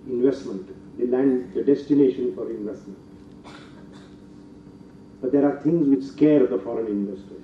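An older man with an Indian English accent giving a formal public lecture, emphatic and rising to forceful rhetorical peaks. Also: medium pitch, slight background noise. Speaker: guest lecturer. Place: lecture hall. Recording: distant, roomy, dull hall recording.

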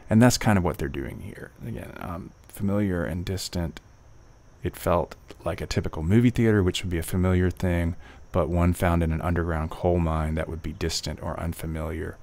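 Male tutor, very low voice, gravelly, thinks aloud, slow reading, screen-share walkthrough. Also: fairly even intonation, a little mellow. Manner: thinks aloud, reads passages slowly then reasons with fillers. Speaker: test prep tutor.

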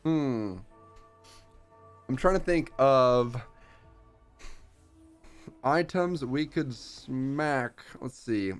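Excitable young man streaming a game. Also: medium pitch, very slow, long pauses, smooth. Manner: excitable, playful, jokey asides. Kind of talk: casual gameplay commentary. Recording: faint music behind.

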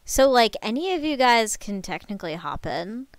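A woman hosting a live stream, chatting casually and telling stories in an animated way. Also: a little high, normal speed, no room sound. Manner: animated, chatty storytelling with laughs. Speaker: streamer host.

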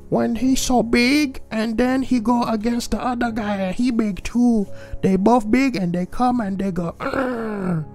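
A man voicing a dim-witted guy gushing about giant monsters in broken, simple, excited speech. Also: extremely high pitch, unhurried, soft background music, voice pushed up. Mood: dopey awe.

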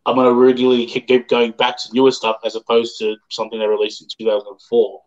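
A man's voice: medium pitch, completely flat delivery, fast talker. Hedging Australian man on a muffled mic. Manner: thoughtful, hedging. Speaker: co-host, music reviewer. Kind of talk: casual live-stream chat.

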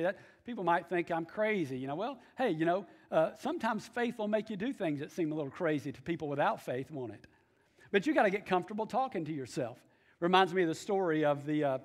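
Male pastor, high-pitched, emphatic preaching with repeated phrases. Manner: emphatic, repeats key phrases, calls for amens. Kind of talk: sermon.

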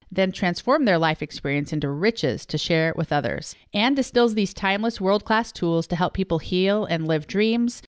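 A woman's voice: fairly low pitch, smooth, no room sound. A woman from Wisconsin hosting a podcast interview, upbeat and enthusiastic. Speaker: podcast host.

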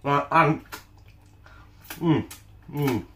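This cooking vlogger has a slightly high, somewhat bright voice and talks very slowly. He keeps up casual, crude, joking chatter laced with profanity, sometimes mid-bite while tasting. The echoey recording carries a slight hiss or hum.

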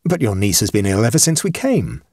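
A man voicing a skeptical young gentleman painter, brisk and questioning. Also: fairly low pitch, sing-song, dry recording, studio quality. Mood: impatient.

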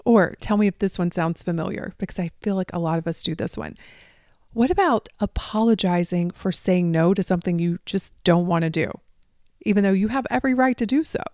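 A woman's voice: fairly low pitch, a little fast, no room sound. Woman hosting a podcast, dry close mic. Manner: addresses listeners directly, drops into soft asides. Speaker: life coach podcast host. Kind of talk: solo podcast monologue.

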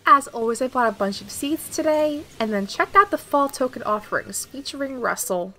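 A woman's voice: high voice, animated, moderate pace, bright, forceful tone, slight background noise. A young woman, a gaming YouTuber, giving upbeat, playful scripted narration of her gameplay as a voice-over. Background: faint background music.

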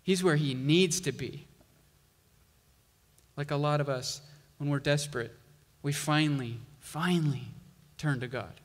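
A male pastor preaching a sermon, slow and emphatic, building intensity on key lines. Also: fairly high pitch, big-room sound.

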